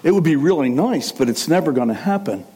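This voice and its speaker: A male pastor preaching a sermon in an animated, conversational way, with asides and self-corrections. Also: on the high side, brisk, slight background noise.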